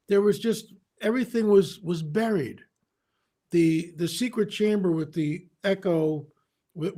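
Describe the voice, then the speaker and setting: A man as an interview guest, telling a story in an animated way, often restarting his sentences. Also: fairly high pitch. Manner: animated, re-enacts dialogue, frequent restarts.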